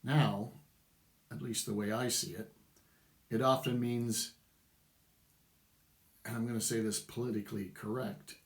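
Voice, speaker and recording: Slow-talking middle-aged man, wry opinions. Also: mid-range voice, echoey room. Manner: opinionated, conversational, chuckles wryly. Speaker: vlogger. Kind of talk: casual commentary to camera.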